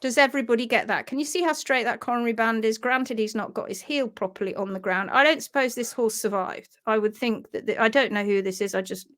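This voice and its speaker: A woman teaching hoof care on a live stream, animated and chatty. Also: a little high, quick pace, hardly any pauses. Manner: animated, acts out little voices for hoof parts.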